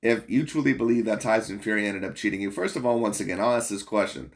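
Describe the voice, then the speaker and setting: Male channel host, lowish pitch; casual, profane, rambling reaction commentary. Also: fast talker. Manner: blunt, profane, rambling with fillers and laughs.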